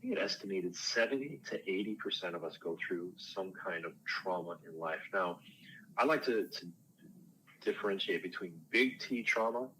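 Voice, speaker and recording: Male counselor, low voice, relaxed explanatory interview answers, slight noise under the recording. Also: moderate pace, poor audio. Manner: explanatory, conversational, self-deprecating asides. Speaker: counselor and life coach. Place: outdoors on a porch.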